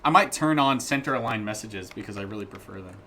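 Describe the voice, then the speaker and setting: A man's voice: on the low side, expressive, fast talker, pushed and bright, a little hiss or hum. A man chatting casually and playfully while streaming his game development work, rambling into jokey asides. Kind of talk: casual live-stream chat.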